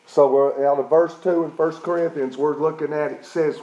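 Pastor, middle-aged man, mellow voice set a little high, emphatic sermon delivery, dull lo-fi church recording. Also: fairly even intonation, moderate pace, reverberant. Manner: emphatic preaching with repeated "okay?" check-ins.

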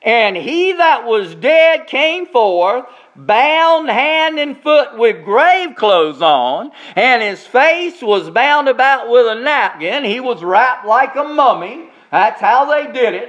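A man preaching a sermon as pastor, stretching out key phrases slowly for emphasis. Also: very high-pitched, animated, a bit bright, highs cut off. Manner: preaching with slow, drawn-out emphasis on key words.

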